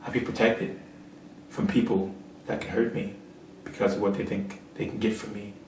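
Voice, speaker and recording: A man's voice: on the low side, level tone, moderate pace, a little mellow, a little hiss or hum. A man preaching a sermon, telling a parable and rising to emphatic peaks. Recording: echoey room, far from mic.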